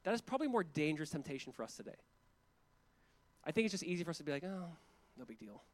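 A man's voice: on the high side, animated, very fast. A male pastor preaching a sermon in a conversational, emphatic way, with asides and chuckles.

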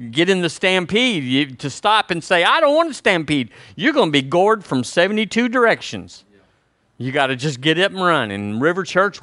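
A man's voice: on the high side, a bit bright, no echo. An older man, preaching a sermon to his congregation in a folksy, conversational way. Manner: folksy, conversational preaching with y'all and homespun examples. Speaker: pastor.

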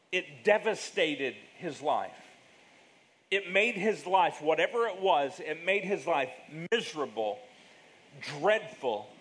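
A male pastor preaches a sermon emphatically, drawing out words and swinging widely in pitch and loudness. The recording quality is low.

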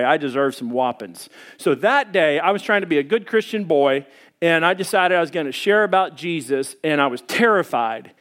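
A pastor preaching a sermon and telling a folksy personal story, acting out the voices of the people in it. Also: male voice, sits high. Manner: folksy, animated, acts out quoted voices.

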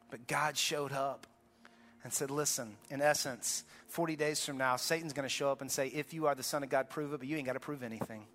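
A man preaching a sermon as pastor to a congregation, emphatic, swinging from urgent high peaks to low quiet lines. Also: brisk, long reverb tail. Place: large church auditorium.

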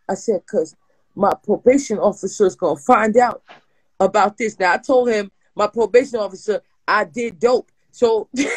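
Woman, Jersey accent, husky, animated, laughing, casual storytelling. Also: medium pitch, moderate pace, poor audio. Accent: New Jersey. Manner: animated, acts out voices, laughs often. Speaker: co-host. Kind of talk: storytelling chat, comic crime anecdote.

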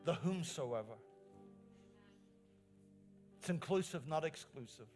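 A man's voice: a little high, lively intonation, takes it slowly, darkish tone, faint music behind. A male pastor delivering an earnest sermon in a church, stressing lines by repeating them. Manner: earnest preaching with rising emphatic phrases and repeated lines.

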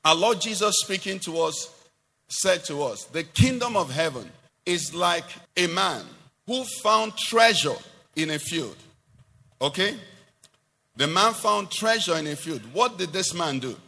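A man's voice: sits high, animated, measured pace, creaky, sharp tone, long reverb tail. A man preaching a sermon to a congregation, asking questions and rising into emphatic declarations.

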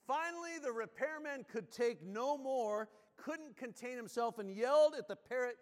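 A man preaching a sermon as pastor, telling stories with lively energy and dropping low and slow when he reads scripture. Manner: animated storytelling, drops low and slow when reading scripture. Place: church sanctuary. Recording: long reverb of a church hall.

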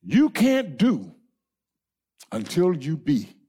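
Emphatic high-voiced preacher man. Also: huge pitch swings, takes it slowly, breathy edge. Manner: emphatic preaching, swings between shouting and soft asides; punctuates with amen and all right. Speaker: pastor. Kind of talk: sermon.

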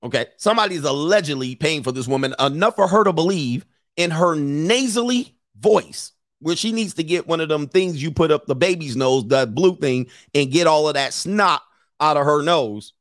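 A man's voice: fairly high pitch, expressive, moderate pace, dry recording, studio quality. A man giving blunt, opinionated commentary, lecturing his listeners and repeating phrases for emphasis. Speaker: commentator host.

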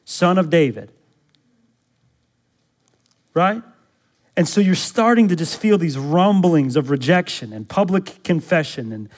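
A male pastor preaching in a church, with a voice sitting a little high for a man. He moves from measured teaching to rising, urgent exhortation. He keeps asking the congregation rhetorical questions. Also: lively intonation. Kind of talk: sermon.

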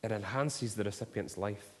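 A man's voice: lowish voice, normal speed. A man preaching a sermon, telling stories and rising to impassioned appeals. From Scotland. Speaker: pastor. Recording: long hall reverb.

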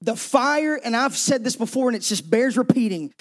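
High-voiced man preaching a sermon. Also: lively intonation, moderate pace. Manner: emphatic preaching, drops to hushed tones. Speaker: pastor.

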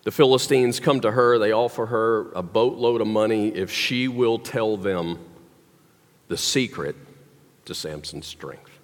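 A man's voice: on the low side, unhurried. A man preaching a sermon, telling a story animatedly with wry, joking asides. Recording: long hall reverb.

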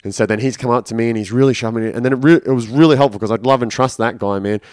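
A man's voice: medium pitch, steady tone, racing, a little mellow, no echo, clean studio sound. A man candidly recounting a personal story in casual conversation, swearing freely and acting out his inner voices. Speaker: podcast guest.

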